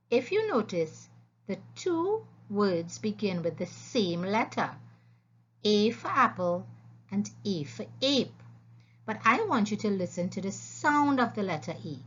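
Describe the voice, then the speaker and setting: A woman teaching a phonics lesson, speaking slowly and clearly and repeating the sounds for young learners. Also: mid-range voice, sing-song, fairly bright tone. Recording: dull lo-fi voice-over.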